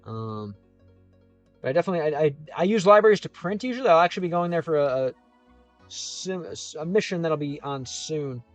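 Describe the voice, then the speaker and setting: A YouTuber with a slightly high, animated voice talks briskly on stream, working through viewer comments in a loose, easygoing ramble full of self-interruptions. Game soundtrack music plays faintly behind him.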